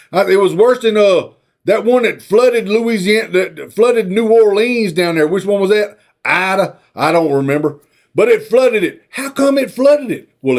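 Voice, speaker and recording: High, lively storyteller man. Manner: rambling, folksy, drawling asides. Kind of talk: comic rambling movie retelling.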